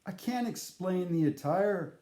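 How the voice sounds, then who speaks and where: High-voiced man telling a rambling story. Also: echoey room. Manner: rambling, halting, deadpan-comic. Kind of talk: comic dream storytelling to camera.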